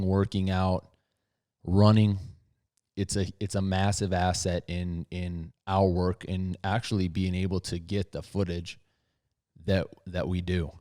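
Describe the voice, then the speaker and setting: A man in his thirties hosting a podcast in casual chat, talking softly in a low radio voice with lots of restarts. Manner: low, soft-spoken radio voice, rambling restarts. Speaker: podcast host. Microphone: studio podcast mic.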